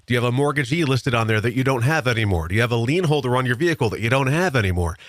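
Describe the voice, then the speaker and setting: A man's voice: medium pitch, animated, very fast, a bit bright, no echo. A man who works as an insurance agent, chatting earnestly on a morning radio show and giving practical advice. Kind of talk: casual radio chat.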